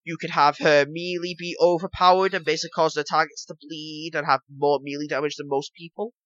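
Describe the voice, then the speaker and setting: A man's voice: a little high, little pitch movement, brisk, fairly bright tone, no echo, highs cut off. A man co-hosting a casual gaming podcast, rambling and leaning on "basically" and "obviously" as he explains. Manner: rambling, repeats himself, lots of "basically" and "obviously". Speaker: podcast co-host.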